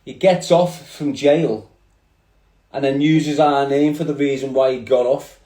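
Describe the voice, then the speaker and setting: Scouse guy on insta live, rambly street slang, mellow voice, echoey room sound. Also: mid-range voice, steady tone, unhurried. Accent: Liverpool. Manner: rambling, streetwise slang, addresses viewers directly. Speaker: livestream host. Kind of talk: casual livestream chat.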